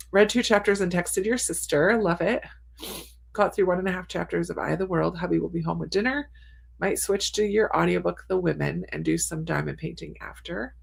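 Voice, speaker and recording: Casting: female livestream host, lowish voice, gravelly texture, chatty and reactive. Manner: reads viewer comments aloud and reacts warmly; laughs often between comments. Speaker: booktuber host reading live chat. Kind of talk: casual livestream chat. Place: home attic.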